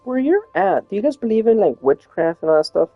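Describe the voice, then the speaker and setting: A woman's voice: a little high, sing-song, fairly quick, gravelly, breathy edge, dry recording, narrow, tinny audio, soft background music. A woman chatting casually while streaming a game, rambling and laughing often. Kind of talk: casual chat while gaming.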